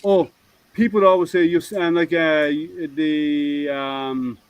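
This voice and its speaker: A man's voice: a little high, steady tone, takes it slowly, smooth, muffled recording. Chatty Irish man hosting a hangout. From Ireland. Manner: rambling, chatty, trails off searching for words. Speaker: host. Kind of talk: casual video-call chat. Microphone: video call.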